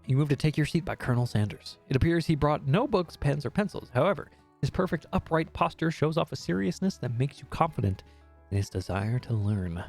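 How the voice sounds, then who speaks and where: A man's voice: fairly high pitch, lively intonation, fairly quick, vocal fry, a little mellow, soft background music. A young man streaming a game, reading it aloud with jokey, sweary asides.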